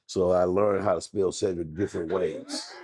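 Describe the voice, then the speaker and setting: Husky low-voiced man telling comic stories. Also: fairly even intonation, moderate pace, a little mellow. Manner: rambling, acts out little voices in his stories. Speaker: comedian guest. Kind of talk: casual comedic storytelling.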